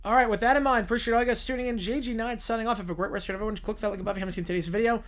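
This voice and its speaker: A man's voice: high voice, steady tone, racing, a bit bright. A man hosting a sports livestream, chatting offhandedly as he wraps up the show. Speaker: livestream host. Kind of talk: casual livestream sign-off.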